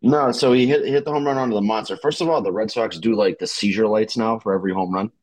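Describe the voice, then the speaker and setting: Podcast host, man, Boston accent, deep, dry close sound, loose profane storyteller. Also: fast talker, darkish tone, no room sound. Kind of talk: casual sports podcast chat.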